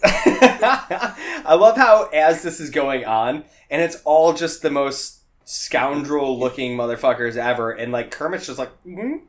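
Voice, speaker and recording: A man's voice: medium pitch, animated, a little slow, hardly any pauses. A man co-hosting a podcast, chatting casually about a movie with lots of fillers, tangents and laughter. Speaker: podcast co-host. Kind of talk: casual movie-review chat.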